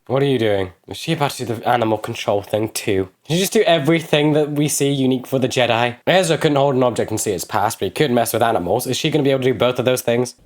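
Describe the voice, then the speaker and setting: A man hosting a reaction video, thinking out loud and firing excitable questions at the screen as he watches. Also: mid-range voice, quick pace, hardly any pauses. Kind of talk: casual film reaction commentary. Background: film soundtrack.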